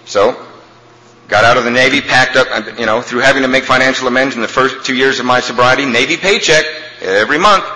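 A man speaking at a recovery meeting, telling a humorous story in an animated, comic way. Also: medium pitch, a little fast. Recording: echoey hall, faint ambience.

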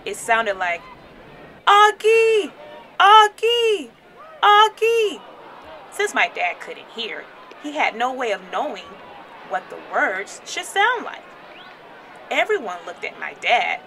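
Slow, bright-voiced woman reading a storybook. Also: medium pitch, vocal fry, a faint crowd, a little hiss or hum. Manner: expressive, animated storytelling. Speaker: teacher reading aloud. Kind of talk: children's storybook read-aloud.

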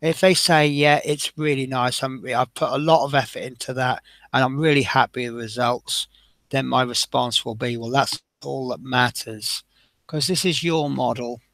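A man's voice: mid-range voice, steady tone, moderate pace, gravelly, fairly bright tone, no echo. A man chatting casually as he builds a scale model, rambling and often breaking off mid-sentence. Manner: chatty, rambling, self-interrupting.

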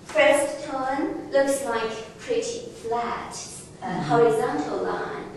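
A woman teaching a Chinese lesson in a classroom, patient and slow, often laughing and restarting her phrases. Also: fairly high pitch, animated. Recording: echoey room from far off, faint noise.

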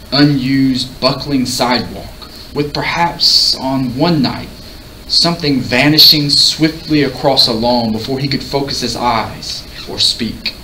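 A man reading a novel aloud in a measured, expressive way. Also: medium pitch. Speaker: audiobook reader. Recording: roomy, distant mic, faint hiss.

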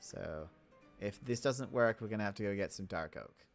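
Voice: deep voice, animated, moderate pace, faint music behind. Rambling, jokey gaming commentator. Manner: rambling, joking, self-interrupting. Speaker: Minecraft let's play creator.

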